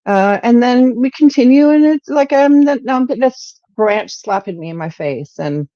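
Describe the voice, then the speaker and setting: A middle-aged woman, a podcast guest, telling a story in an animated, lively way and acting out her own lines. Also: on the high side, normal speed, no room sound, dull audio. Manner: animated, lively retelling with acted-out quotes. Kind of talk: storytelling in an interview.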